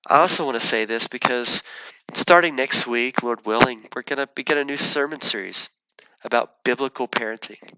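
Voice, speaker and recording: A man's voice: medium pitch, moderate pace, pushed and bright, clear, resonant tone, dry recording, low-quality recording. A man, a pastor, earnestly telling a personal story in his sermon, often restarting his sentences.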